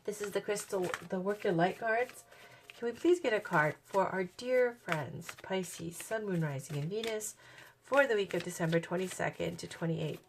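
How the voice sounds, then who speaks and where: A woman with a cold and a hoarse voice, giving a chatty, upbeat tarot reading. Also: mid-range voice, normal speed, slight background noise. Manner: chatty, upbeat, thinks aloud. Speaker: tarot reader.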